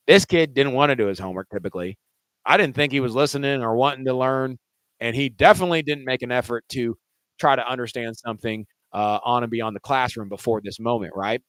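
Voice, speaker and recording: A man's voice: medium pitch, no room sound, rough recording. A male teacher telling a classroom story in a casual, conversational way, full of "you know" and restarts.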